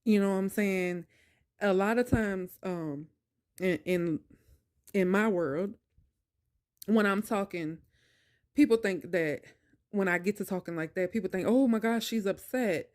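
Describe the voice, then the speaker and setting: A woman talks straight to her viewers, recounting her own experiences at a slow, deliberate pace. She presses her points hard, almost like preaching, then drifts into softer, hesitant stretches full of ums. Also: mid-range voice. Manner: emphatic, preachy, addresses viewers directly. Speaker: vlogger telling her own story. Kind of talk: personal storytelling to camera.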